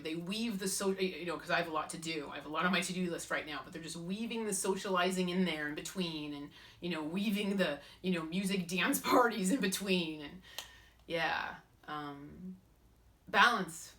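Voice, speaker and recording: A woman chatting in a casual vlog as a spiritual advisor, animated and self-mocking. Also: on the low side, moderate pace, recorded from a distance.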